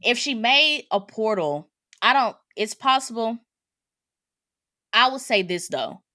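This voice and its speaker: A woman's voice: fairly high pitch, animated, slow pace, bright, forceful tone, no echo, studio quality. A woman co-hosting a podcast, casually and animatedly talking through movie details. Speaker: podcast co-host. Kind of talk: casual chat.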